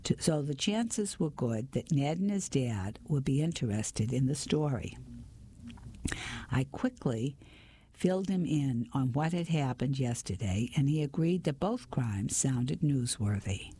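Mellow, husky audiobook reader. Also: medium pitch, a little slow, no echo. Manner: steady first-person storytelling. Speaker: narrator. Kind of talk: audiobook reading.

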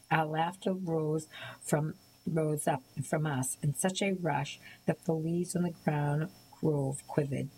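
A woman with a low, deep-set voice reads a novel aloud in a measured, steady way. Her narration is even and unhurried, with a faint hiss in the background. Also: gravelly, rough recording. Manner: measured, even storytelling with occasional small slips. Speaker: audiobook narrator. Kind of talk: scripted narration.

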